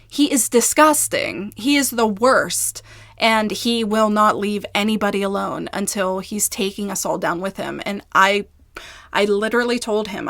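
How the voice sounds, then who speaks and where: A young woman on a casual vlog, telling a long story in a rambling, exasperated, animated way. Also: medium pitch. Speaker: YouTuber.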